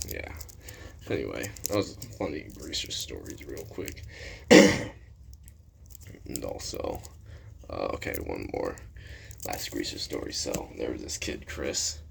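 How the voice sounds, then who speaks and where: Low, gravelly man, rambling casual storyteller, lots of swearing. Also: a little hiss or hum. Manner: rambling, swears, many fillers. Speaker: vlogger.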